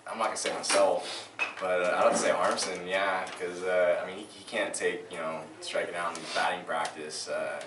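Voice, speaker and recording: A teenage boy and high school baseball player answering interview questions hesitantly, with many "uh"s. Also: fairly even intonation, normal speed. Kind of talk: casual interview. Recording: echoey room, distant mic, noisy.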